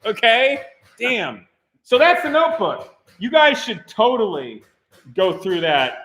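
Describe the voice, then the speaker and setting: A man hosting a live stream from his workshop, chatting with his crew in an animated, joking way and laughing often. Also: high voice, takes it slowly. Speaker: host of a car channel. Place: workshop garage.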